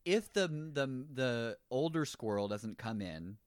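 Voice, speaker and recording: A man talks through a film with a friend in an easy, casual way. His pitch leaps around as he gets animated and now and then acts out a line. The sound is dry and close, with no room around it. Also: takes it slowly, smooth, no echo. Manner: animated, laughs often, acts out quoted lines. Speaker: podcast co-host. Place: living in a city.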